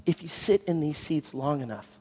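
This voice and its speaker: Pastor guy preaching, lively storyteller, goes loud then hushed, long echo from the big room. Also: fairly high pitch, moderate pace, husky. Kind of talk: sermon. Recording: long hall reverb.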